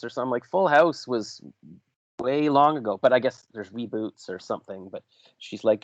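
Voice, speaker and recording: This podcast host has a lowish voice and speaks at a moderate pace, with no room sound. Interviewing a guest, he tells long rambling stories and keeps interrupting himself, all in dull, dry lo-fi audio.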